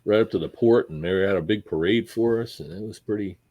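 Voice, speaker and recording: A man's voice: fairly low pitch, brisk, warm tone. A former Marine man hosting a casual chat, reminiscing in a rambling, profane, reflective way. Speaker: podcast host, former Marine.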